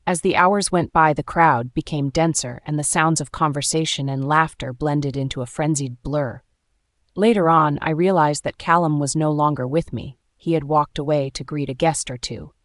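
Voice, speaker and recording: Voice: medium pitch, normal speed, dry recording, studio quality. A narrator reading a first-person romance story aloud with dramatic, emotional delivery.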